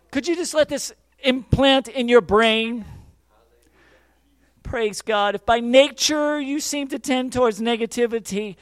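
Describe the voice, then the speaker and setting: A man preaching a sermon, fervent, swinging from quiet musings to shouted praise and acting out quoted voices. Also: very high voice, no echo.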